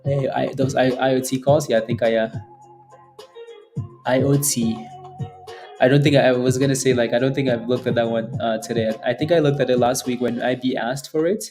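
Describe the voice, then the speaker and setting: A man's voice: medium pitch, steady tone, fairly quick, a little mellow, soft background music. A man hosting a day-trading livestream in casual chat, joking, laughing often and bantering with viewers and his phone assistant. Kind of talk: casual live-stream chat.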